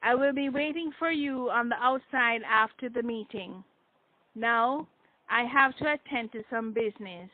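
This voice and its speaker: A woman's voice: a little high, unhurried, no room sound. Woman reading a formal, earnest otherworldly man. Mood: tender. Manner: calm, formal speech. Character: gentle earnest man returned from another world. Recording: tinny phone-like dry sound.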